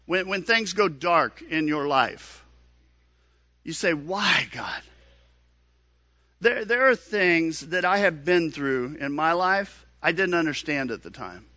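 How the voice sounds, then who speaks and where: A pastor preaching a sermon in an earnest, questioning manner, often repeating words. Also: male voice, fairly high pitch, animated, unhurried, pushed and bright, no echo, clean studio sound.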